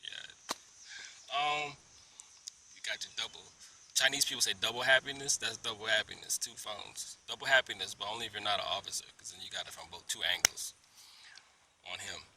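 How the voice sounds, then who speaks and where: A man telling a story to a phone camera in a park, animated and dropping into whispered asides. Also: on the low side, moderate pace, pauses often, background noise. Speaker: vlogger. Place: outdoors in a park under a tree. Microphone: phone held at arm's length.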